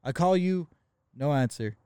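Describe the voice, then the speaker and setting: Podcast co-host, male, smooth and slightly high, animated profane storyteller, dry close mic. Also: unhurried, no room sound. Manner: profane, animated, acts out quoted dialogue. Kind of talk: casual storytelling chat.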